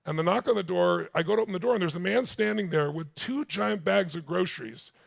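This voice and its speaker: A man's voice: high voice, fairly quick, vocal fry, no echo, studio quality. A man in his sixties giving a motivational seminar talk, telling stories intensely and speaking straight to his audience. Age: 60s. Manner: intense storytelling, addresses the audience directly. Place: large stage with live audience.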